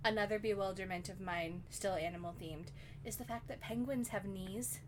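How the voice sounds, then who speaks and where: A woman co-hosting a podcast, chatting casually in an animated, giggly, emphatic way. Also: medium pitch, moderate pace, noisy background. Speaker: podcast co-host. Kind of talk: casual chat.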